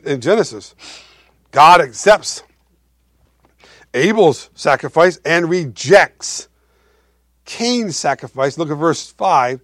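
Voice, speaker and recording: A male pastor preaching a sermon, swinging between loud emphasis and quiet asides while asking his congregation questions. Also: on the high side, dry recording, studio quality.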